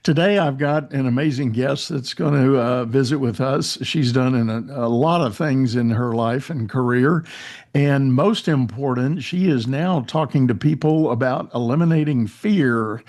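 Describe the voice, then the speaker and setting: A man hosts a podcast and introduces his guest, speaking at a medium pitch for a man. He sounds friendly and relaxed, with a few fillers. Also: unhurried. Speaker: podcast host.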